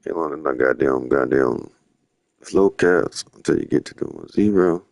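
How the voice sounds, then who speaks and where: A man's voice: rumbling low, measured pace, darkish tone, dry recording. A young man rambling through slangy stories while live-streaming. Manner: rambling, slangy, drifting storytelling. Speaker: livestreamer.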